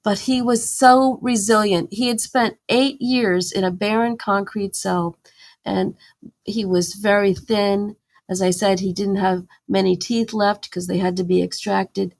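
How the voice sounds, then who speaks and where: A woman's voice: medium pitch, steady tone, a little slow, creaky. A woman campaigner, a guest in a podcast interview, telling her story earnestly and with animation, with fillers and restarts.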